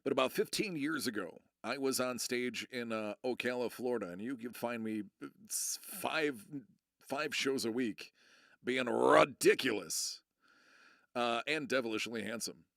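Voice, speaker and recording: A man's voice: mid-range voice, normal speed, a bit bright, no echo, studio quality. A middle-aged American man chatting casually on a live stream, rambling and joking about himself, full of fillers and restarts. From United States. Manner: rambling, self-deprecating, many fillers and restarts.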